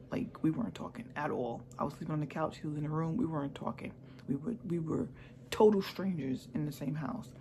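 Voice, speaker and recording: A woman's voice: deep voice, a little mellow, a little hiss or hum. A woman vlogger candidly telling a personal story in a chatty, repetitive way. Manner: candid, chatty, repeats herself.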